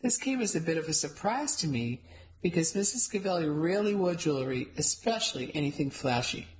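A woman's voice: low-pitched, animated, a little fast, darkish tone, rough recording. A woman giving wry, amused first-person audiobook narration.

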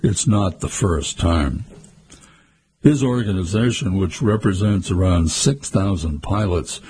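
A man reading a news report in a measured, formal way. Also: low-pitched, a little mellow, slightly rough. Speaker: news narrator. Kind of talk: scripted news narration.

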